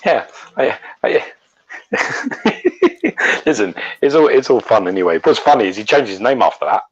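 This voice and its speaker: A man's voice: mid-range voice, expressive, unhurried, breathy edge. A man co-hosting a casual live chat, blunt and sweary as he backs up his co-host. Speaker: livestream co-host. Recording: dull, muffled lo-fi sound.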